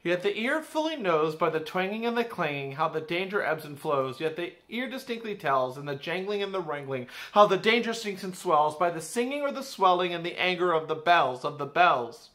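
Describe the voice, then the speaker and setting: Man, teacher, dramatic poetry recitation, fairly high voice, bright edge, hushed to loud. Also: sing-song, moderate pace, hardly any pauses. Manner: theatrical, swinging between hushed and loud.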